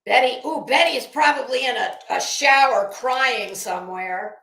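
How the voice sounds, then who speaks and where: A woman's voice: on the high side, moderate pace, sharp tone, echoey room. A woman hosting a casual live commentary stream, chatting with viewers in a gossipy, sarcastic way and laughing often. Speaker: YouTube commentary host.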